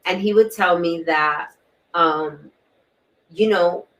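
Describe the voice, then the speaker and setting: A woman's voice: lowish voice, slow, a bit bright. Earnest woman speaking from a distance. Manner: earnest, repeats key words, clears throat often. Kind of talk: personal testimony in a panel talk. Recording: distant mic.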